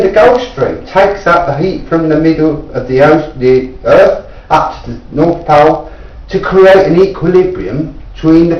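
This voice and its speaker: A man from England, a self-taught inventor, earnestly explaining his device and insistently challenging viewers to prove it wrong, rising in pitch as he pleads. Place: indoors at home. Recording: echoey room, distant mic, dull lo-fi sound.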